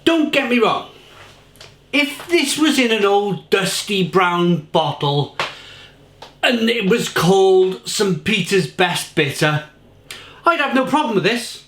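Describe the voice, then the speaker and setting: A man's voice: high-pitched, animated, slow pace, a bit bright, slight background noise. A man reviewing beer on camera at home in his kitchen, ranting with exasperation and repeating himself. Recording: roomy kitchen echo.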